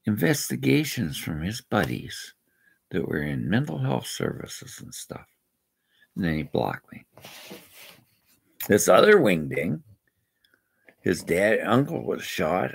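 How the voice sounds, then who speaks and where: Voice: deep voice, huge pitch swings, takes it slowly, vocal fry, pauses often, husky. A speaker from Canada, ranting indignantly in a rambling personal vlog. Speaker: vlogger. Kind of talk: angry personal rant.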